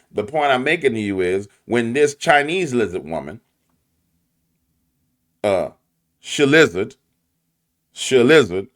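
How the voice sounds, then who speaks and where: A medium-pitched man with a New Orleans accent gives lively, sermon-like commentary on conspiracies, leaning on slang and saying things over and over.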